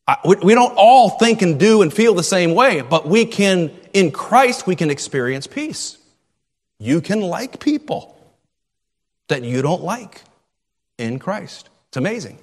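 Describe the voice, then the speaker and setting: Animated male preacher in a reverberant hall. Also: a little high. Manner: animated preaching, repeats key phrases for emphasis. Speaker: pastor. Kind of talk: sermon. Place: church sanctuary. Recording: long reverb of a church hall.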